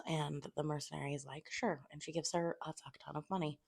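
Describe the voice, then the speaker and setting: A young woman talks through a fantasy book in a loose, spoilery review. Her voice sits low with a gravelly fry, and she swears freely while acting out the characters in quick asides, sometimes sinking to a near-whisper. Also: steady tone. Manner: drops to a near-whisper at times to keep quiet. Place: home room at a table.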